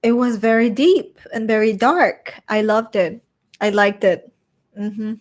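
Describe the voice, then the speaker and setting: A woman's voice: medium pitch, takes it slowly. A young woman with a Venezuelan accent, chatting casually as she reads viewer questions aloud and answers them. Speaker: streamer reading chat. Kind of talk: casual chat.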